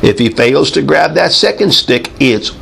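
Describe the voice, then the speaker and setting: A middle-aged man preaching a sermon with animated storytelling, acting out sounds with his voice. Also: unhurried, creaky, slight background noise. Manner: animated, swooping pitch, does sound effects.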